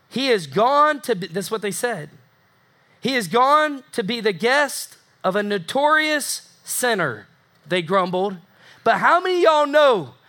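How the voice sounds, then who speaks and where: A man's voice: high voice, bright, forceful tone. A man preaching a sermon as pastor, emphatic, repeating phrases for effect and acting out the voices of people in the story.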